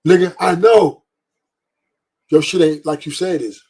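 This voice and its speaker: A man's voice: high voice, measured pace, darkish tone, husky. A man hosting a livestream, ranting bluntly with profanity and repeated emphasis. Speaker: podcast host. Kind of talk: livestream commentary rant.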